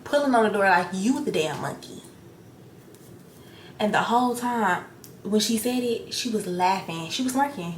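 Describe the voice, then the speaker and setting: Speaking at a moderate pace and pausing often, a young woman who makes beauty videos addresses the camera as she gets ready. She's blunt and swears a lot, animatedly acting out people's quotes, while her mid-pitched voice bounces off an echoey room with a faint ambient hum in the background.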